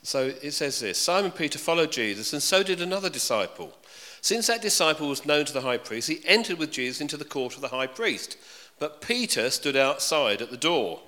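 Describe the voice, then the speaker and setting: A man's voice: fairly high pitch, sing-song, fairly quick, few pauses, pushed and bright. A man preaching a sermon in a chatty way, often asking his congregation questions. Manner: conversational, asks the congregation questions. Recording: reverberant hall.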